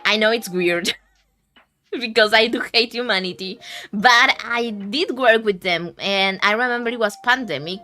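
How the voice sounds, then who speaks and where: Woman streamer, bright crisp voice, giggly and foul-mouthed, faint music behind. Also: fairly high pitch, a little slow. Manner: laughs often, swears, rambling storyteller. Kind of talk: casual stream chat.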